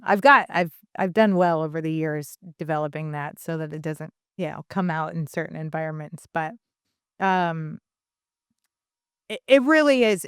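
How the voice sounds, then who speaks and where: A woman in her thirties co-hosting a podcast, telling stories in a chatty, animated way with many restarts. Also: deep voice, clean tone, no room sound, clean studio sound. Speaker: podcast co-host. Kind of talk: casual podcast chat.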